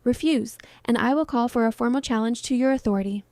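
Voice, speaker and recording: A woman's voice: fairly high pitch, quick pace, darkish tone, no echo, clean studio sound, lightly acted. A woman voicing an ancient, menacing male vampire lord who speaks with cold, mocking condescension. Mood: cold contempt.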